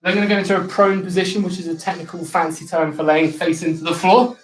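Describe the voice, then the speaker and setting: A man's voice: sits high, little pitch movement, quick pace, faint music behind. A young man coaching a live online circuit class, cueing exercises with light banter. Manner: upbeat, instructive cueing with banter. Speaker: fitness instructor. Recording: echoey room.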